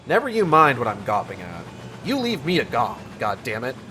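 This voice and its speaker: A man's voice: mid-range voice, huge pitch swings, fairly quick, pushed and bright, slight background noise. A man streaming a game, making profane, jokey asides. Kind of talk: livestream gameplay commentary.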